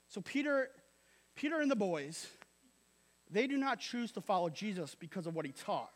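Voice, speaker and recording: A man's voice: high-pitched, sing-song, moderate pace, pauses often. A male pastor preaching a sermon in an emphatic, casual way, repeating phrases and tagging lines with "right?". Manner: casual, slangy asides.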